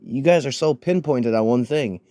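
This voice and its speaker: A man's voice: mid-range voice, normal speed, warm tone, no room sound, clean studio sound. A man hosting a casual reaction video, mocking and crude, tripping over repeated words as he rants.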